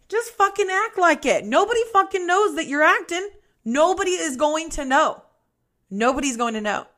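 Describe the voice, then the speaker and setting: A woman's voice: fairly high pitch, a bit bright. A woman hosting a podcast, giving a blunt, emphatic motivational monologue and swearing freely. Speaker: podcast host.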